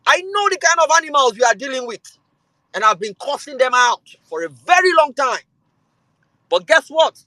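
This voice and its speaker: A Nigerian man hosting a show, delivering an impassioned political rant that swings between calm and loud. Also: very high voice, normal speed, no room sound, rough recording. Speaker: show host.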